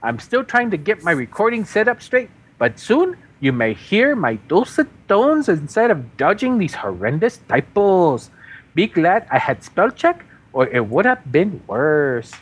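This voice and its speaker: Husky, lively-voiced email reader. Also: medium pitch, a little slow. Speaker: podcast host. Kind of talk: reading a listener email aloud.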